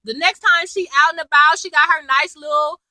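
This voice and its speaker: A woman's voice: high-pitched, a little fast, sharp tone, no echo, rough recording. A woman giving a casual, chatty recap of a TV episode, full of gossipy asides. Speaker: TV episode reviewer.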